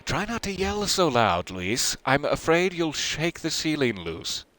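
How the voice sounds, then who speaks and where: A man's voice: on the high side, big pitch swings, unhurried, fairly bright tone, no room sound, voice pushed up. A man doing a fussy, fretful office clerk.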